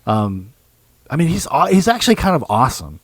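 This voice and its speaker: A man co-hosting a podcast, chatting casually about films in an animated way, swearing freely and laughing often. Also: on the high side, a little fast, no echo. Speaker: podcast co-host. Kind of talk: casual film discussion.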